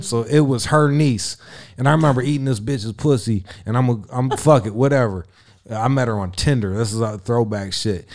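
A man's voice: mid-range voice, darkish tone. Profane, swaggering male storyteller. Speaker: radio personality, interview guest. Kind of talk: crude casual storytelling.

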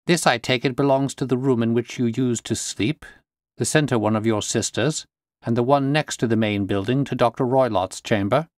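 A crisp, commanding gentleman detective, as a male storyteller puts him on, quick to give orders and sharp of mind. The delivery is raised and energetic, and the recording is dry and close. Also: medium pitch, no echo, lightly acted. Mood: brisk.

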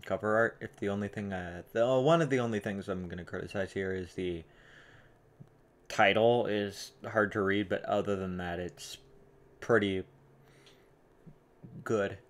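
A man's voice: fairly low pitch, unhurried. A man hosting a casual song reaction video, talking in a hesitant, rambling way and often correcting himself mid-sentence. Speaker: host reacting to songs.

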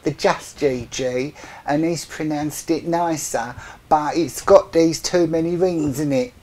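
A man's voice: fairly high pitch, measured pace, a little mellow. A man co-hosting a web chat show, teasing and joking in casual banter. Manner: jokey, teasing. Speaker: co-host of a vaping web show.

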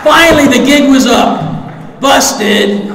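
A man sharing his recovery story at a meeting, animated and acting out the voices of others, sometimes shouting for effect. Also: very high voice, slow pace, a crowd in the background, background noise. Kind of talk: recovery share to a live audience. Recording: echoey hall recording with audience.

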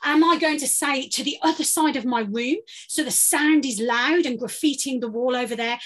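A British woman leading a guided vocal warm-up workshop, giving playful, encouraging instructions. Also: high voice, moderate pace. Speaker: voice workshop leader.

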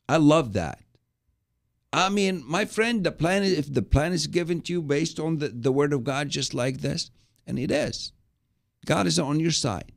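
Lively enthusiastic male preacher. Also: a little high, normal speed, vocal fry. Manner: enthusiastic, repeats words for emphasis; explains and applies scripture. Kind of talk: live webcast sermon.

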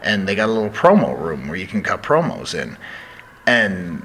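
Bright-voiced chatty male wrestler. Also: low voice, moderate pace, a little hiss or hum, rough recording. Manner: animated, chatty, lots of "you know". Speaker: guest, professional wrestler. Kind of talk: casual interview storytelling.

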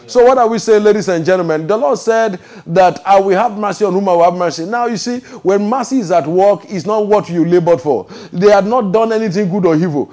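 High-pitched emphatic male preacher. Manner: emphatic, repeats "ladies and gentlemen", asks the crowd if they follow; swings between fast rushes and slow drawn-out proclamations. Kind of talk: preaching sermon with prophetic declarations.

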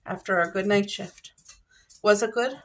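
A woman chatting casually at home in a vlog, lively and quick to gasp and laugh. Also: medium pitch. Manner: animated, gasping and laughing, emotional. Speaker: vlogger.

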